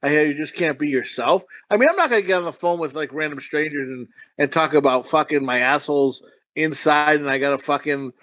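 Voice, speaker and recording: A man's voice: a little high, brisk, a bit bright, no room sound. A man co-hosting a comedy podcast, chatting crudely about a movie in a rambling, vulgar, self-amused way. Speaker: podcast co-host.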